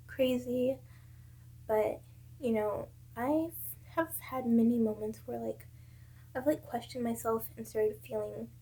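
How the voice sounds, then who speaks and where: A young woman vlogger from South Carolina talks casually to her camera, offering candid, earnest advice drawn from her own life. Her voice is fairly high-pitched, a little mellow and husky.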